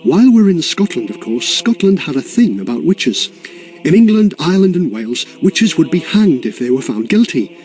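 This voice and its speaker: A man's voice: on the high side, sing-song, moderate pace, a little mellow, faint music behind. A man narrating a children's history story in a playful, sing-song way.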